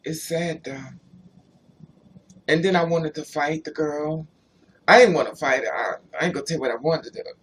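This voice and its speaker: A man's voice: a little high, moderate pace, long pauses, breathy edge. A man on a casual livestream who tells rambling personal stories and answers viewers' chat comments as he goes.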